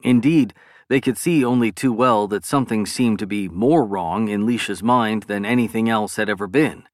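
In a clean, dry studio recording, a man with a fairly low voice narrates a sci-fi novel as an audiobook. His scripted reading stays steady and measured.

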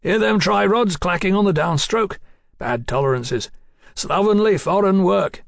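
A man's voice: high voice, unhurried, vocal fry, no echo, studio quality, pitched above the performer's own voice. A man doing a hearty, raised-voice engineer. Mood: shouting. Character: cheerful, practical male engineer.

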